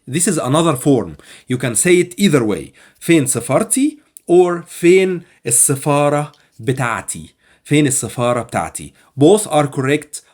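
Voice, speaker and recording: A man with an Egyptian accent teaching spoken phrases, repeating each one slowly and patiently. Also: on the high side. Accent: Egyptian Arabic. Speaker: Arabic language teacher. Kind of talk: language lesson.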